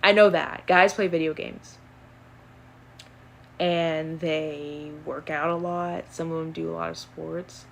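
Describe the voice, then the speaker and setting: A young woman casually answering would-you-rather questions on her own channel, chatty and animated, with plenty of fillers. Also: sits low, slow, vocal fry. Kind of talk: casual chat.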